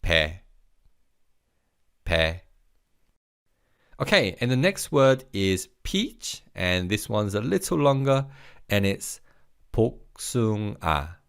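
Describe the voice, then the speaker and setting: A man teaching a recorded vocabulary lesson, leading slow repeat-after-me drills and praising the learner between words. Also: on the low side, big pitch swings, vocal fry, a bit bright, clear, resonant tone. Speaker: language teacher.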